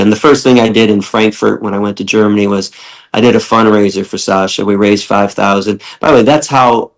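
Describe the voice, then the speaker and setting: A middle-aged man with a gravelly, rough-edged voice, talking with blunt passion. He curses freely and leaps up in pitch whenever he acts out the people he quotes. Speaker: podcast guest, animal rights activist. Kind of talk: casual interview talk.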